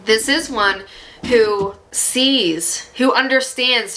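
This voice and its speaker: A woman's voice: mid-range voice, poor audio. A woman giving a psychic tarot reading, talking straight to the viewer in an encouraging way and laughing often. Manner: emotional and animated at times. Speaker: tarot reader.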